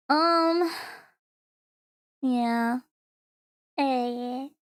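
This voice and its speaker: A woman with an Australian accent talks in a high, bright-pitched voice, chatting loosely on a live stream. She rambles from thought to thought and fills the gaps with "like" as she reacts to her chat. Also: expressive, unhurried. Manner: rambling, chatty, full of "like" fillers, reads chat aloud. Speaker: VTuber streamer.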